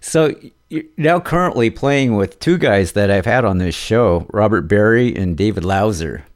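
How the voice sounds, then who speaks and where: A man hosting a radio interview, asking questions and giving brief reactions in an unhurried way. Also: on the low side, lively intonation. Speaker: radio show host.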